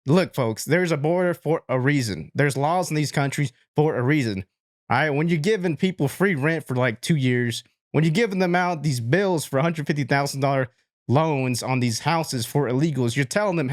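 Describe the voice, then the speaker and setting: A man's voice: a little high, normal speed, no echo, clean studio sound. A man hosting an opinionated political commentary show, talking bluntly and conversationally to his viewers. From Latino.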